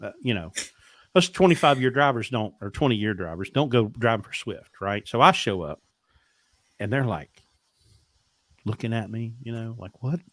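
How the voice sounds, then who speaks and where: A man's voice: lowish voice, lively intonation, normal speed, long pauses, fairly bright tone, no room sound. A middle-aged man, a podcast guest telling blunt, profane stories and acting out dialogue. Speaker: podcast guest, truck driver. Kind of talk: casual storytelling interview.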